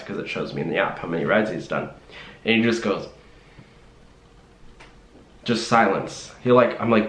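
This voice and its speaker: A man's voice: fairly low pitch, brisk, long pauses, fairly bright tone. A young man telling a story to camera in a rambling, casual way, full of fillers and restarts. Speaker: vlogger. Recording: roomy echo.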